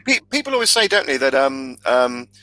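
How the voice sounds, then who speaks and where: A man co-hosting a casual comedy chat, cracking crude jokes and quick to laugh. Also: medium pitch, sing-song, bright, forceful tone, poor audio. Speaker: co-host.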